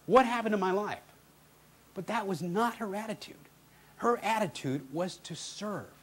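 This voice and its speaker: A middle-aged man giving a motivational keynote, telling a story in an animated, conversational way. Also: a little high. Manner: animated, conversational, lots of restarts. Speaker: motivational speaker.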